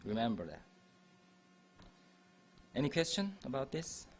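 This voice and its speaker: Male university lecturer, mid-pitched voice, patient and repetitive classroom explaining. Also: wildly swooping pitch, unhurried, soft background music. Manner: repeats and restarts phrases while explaining.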